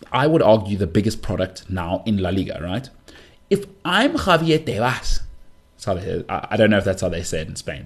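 A man hosting a sports podcast, ranting his opinions with rhetorical questions and quick asides. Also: medium pitch, a little mellow, breathy edge. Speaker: podcast host.

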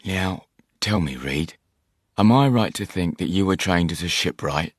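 A jovial old male ship's pilot , as a male reader puts him on, low and drawling with a teasing, knowing manner. The recording is dry and close, with no room in it. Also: animated, a little slow, no room sound. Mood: probing. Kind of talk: audiobook character voice.

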